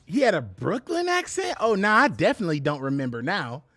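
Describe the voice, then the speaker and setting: A man's voice: high voice, wildly swooping pitch, fairly quick, sharp tone, dry recording, clean studio sound, faint music behind. A man commentating live on his own card game play, chatty and laughing, talking to his viewers. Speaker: game streamer.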